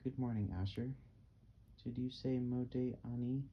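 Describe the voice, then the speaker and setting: A man's voice: medium pitch, level tone, normal speed, close to an everyday voice. A young man reading a terse busy father. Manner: plain everyday reading voice. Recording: dull lo-fi, faint hiss.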